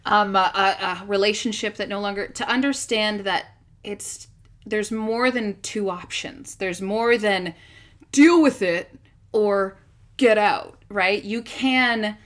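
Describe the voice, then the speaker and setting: A woman's voice: medium pitch, slow pace. A young adult woman, a guest in a casual chat, joking and playful, now and then swearing.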